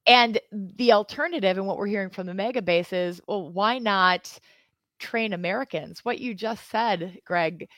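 A woman talks politics with a co-host, animated and stacking up her points in emphatic lists. Her voice sits mid-range and the sound is dry and close. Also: medium pitch, moderate pace, no echo. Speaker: political commentator. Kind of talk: casual political discussion.

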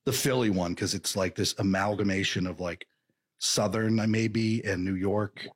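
A man co-hosting a casual chat, playful and quick to slip into silly impressions. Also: lowish voice, fairly even intonation, slightly rough. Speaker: podcast co-host.

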